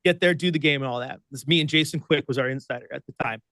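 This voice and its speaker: A man's voice: medium pitch, fast, dry recording. A man from Oregon, a radio producer and host, telling a story as a guest with lots of laughter and acted-out voices. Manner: excitable, laughs often, acts out voices in his stories. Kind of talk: animated storytelling.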